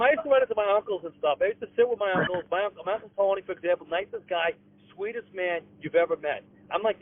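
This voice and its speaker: High-pitched comic ranting by phone. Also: male voice, no echo. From Boston. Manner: rapid, repetitive, stammering restarts. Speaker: comedian guest. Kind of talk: comic rant. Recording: tinny phone-like line.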